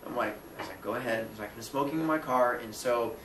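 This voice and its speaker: A man, a teacher, telling a personal story on a casual podcast, acting out dialogue with big jumps in pitch and breaking into laughs. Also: quick pace, fairly bright tone. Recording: roomy sound from a distant mic with faint noise.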